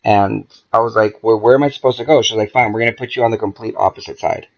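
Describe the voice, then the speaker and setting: A man's voice: lowish voice, fast talker, highs cut off. A man, a podcast guest, telling a story in a casual, profane way and acting out the dialogue as he goes. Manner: profane, animated, acts out quoted dialogue.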